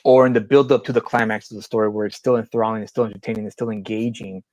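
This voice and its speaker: A man's voice: on the low side, steady tone, fast, a little mellow, no room sound, highs cut off. A man co-hosting a casual podcast, talking in long rambling opinionated runs with many restarts. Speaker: podcast co-host. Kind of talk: casual chat.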